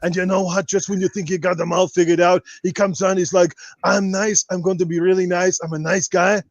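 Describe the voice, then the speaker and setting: A man's voice: sits high, flat delivery, fairly quick, vocal fry, no echo, muffled recording. A man doing a brash bodybuilder impression. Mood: mocking. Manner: brash, boastful, rambling, trash-talking. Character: boastful muscle-bound Austrian bodybuilder, adult man. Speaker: podcast guest doing an impression. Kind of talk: comedic impression in podcast chat.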